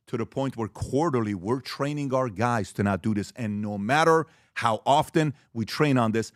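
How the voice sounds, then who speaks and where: A man's voice: mid-range voice, dry recording, clean studio sound. Man giving an emphatic business talk. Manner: animated storytelling, acts out quoted exchanges; direct and emphatic, lists points quickly. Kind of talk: business presentation to a live audience.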